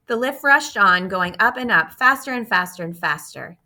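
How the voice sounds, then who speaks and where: A woman narrating a children's storybook in an expressive, steady reading voice. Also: medium pitch, moderate pace, few pauses. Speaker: audiobook reader.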